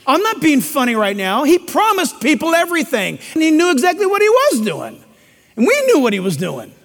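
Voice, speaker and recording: A man's voice: extremely high pitch, wildly swooping pitch, brisk. A man preaching a sermon in a church, emphatic and preachy with joking asides. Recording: long hall reverb.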